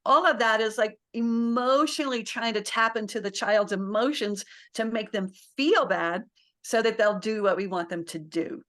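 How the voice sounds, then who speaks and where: A woman's voice: on the high side, normal speed, fairly bright tone. A middle-aged woman, a parenting guest, talking casually and laughing often as she acts out little quotes. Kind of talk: casual interview talk.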